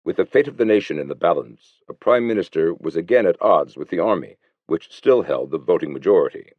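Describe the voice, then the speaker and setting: A man with a very deep voice reads an audiobook in measured scripted narration. His delivery is lively in pitch. The recording is dry and slightly dull. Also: no room sound.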